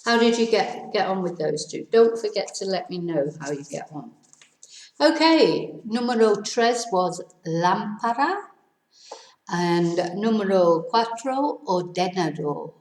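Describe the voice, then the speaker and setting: A woman teaching a casual video lesson, a little hoarse with laryngitis, spelling words out letter by letter and adding chatty asides. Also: on the low side, roomy sound, low-quality recording. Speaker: Spanish teacher.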